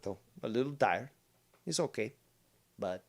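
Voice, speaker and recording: A man's voice: medium pitch, measured pace, long pauses. Mock-formal male livestream host. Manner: mock-formal, reads chat aloud, swears. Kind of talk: casual livestream chat.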